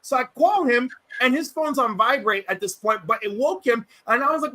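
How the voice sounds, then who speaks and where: High bright-voiced man telling stories. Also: normal speed, few pauses, no room sound, rough recording. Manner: animated, acts out quotes, many restarts. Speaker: livestream host. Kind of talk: casual storytelling chat.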